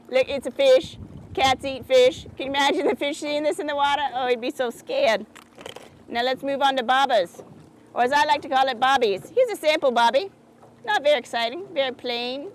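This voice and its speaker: Actress as a perky craft-show host, high, folksy and sugary; outdoors by a lake. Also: female voice, a little hiss or hum, natural voice, low-quality recording. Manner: chirpy, folksy and sugary, keeps asking "isn't that sweet". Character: perky, oblivious small-town woman who hosts a craft show. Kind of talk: comedic public-access TV hosting.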